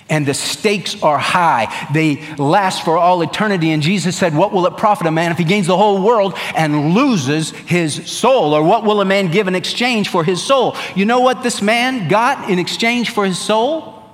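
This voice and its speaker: A man's voice: fairly high pitch, in a large hall. A man preaching a sermon as pastor, earnest and emphatic, repeating his phrases.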